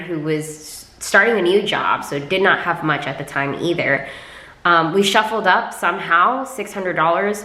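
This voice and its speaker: A woman's voice: lowish voice, pushed and bright. A young woman vlogger telling a personal story to camera in a candid, chatty way, with lots of filler words. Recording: echoey room.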